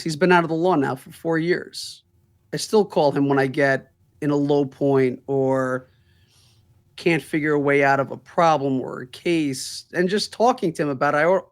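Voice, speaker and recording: A man's voice: fairly high pitch, moderate pace. A man, a law firm's managing partner, telling stories in a casual interview, laughing through the funny parts.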